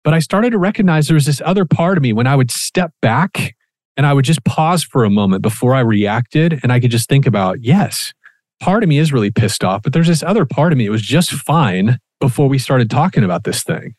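Podcast co-host, male, mid-pitched, lively storyteller who swears casually, dry booth sound. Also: a little fast, dry recording. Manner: animated, acts out quoted dialogue, swears casually.

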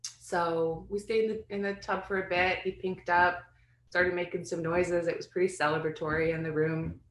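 A woman in her thirties tells a personal story, candid and meandering, full of fillers and restarts. Her voice sits a little low. The room gives the recording a noticeable echo. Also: flat delivery, moderate pace, slight background noise. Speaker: guest sharing a birth story. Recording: roomy echo.

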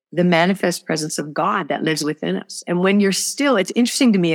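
A woman's voice: sits low, big-room sound. A woman speaking as a guest author in a faith conversation, earnest and emphatic in how she talks.

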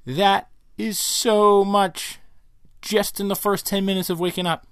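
A man's voice: high-pitched, a little slow, clean tone, no echo, studio quality. A man hosting a podcast, explaining dog training in a conversational way and acting out examples. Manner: conversational, acts out examples, lively. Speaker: podcast host giving dog training advice. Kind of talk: casual instructional monologue.

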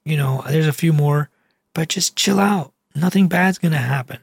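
A man's voice: fairly high pitch, normal speed, vocal fry, breathy edge, no room sound, clean studio sound. A male physician giving a casual, emphatic vlog talk, with repetitive phrasing and slang.

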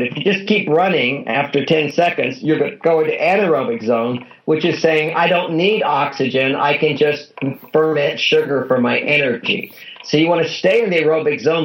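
Gravelly man explaining earnestly. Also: medium pitch. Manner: earnest, instructive, repeats key points. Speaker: guest author. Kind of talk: conversational explaining in an interview. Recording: dull lo-fi audio.

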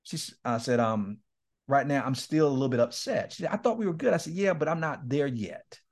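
A man's voice: mid-range voice, a little fast. A middle-aged man, a guest speaker, telling candid stories in an interview, laughing often and acting out quoted dialogue. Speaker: guest speaker and men's ministry leader. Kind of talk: candid storytelling in a podcast interview.

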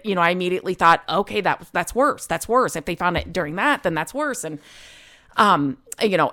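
A woman's voice: fairly low pitch, fairly bright tone. A woman hosting a podcast, telling a personal story in a rambling, emotional way with many fillers. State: choked up at times. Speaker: podcast host.

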